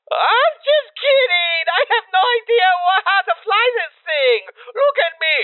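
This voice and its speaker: A man voicing a clueless, panicky character in a whiny, shrieking falsetto. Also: big pitch swings, a little slow, no room sound, phone-quality sound, full character voice. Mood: panicked.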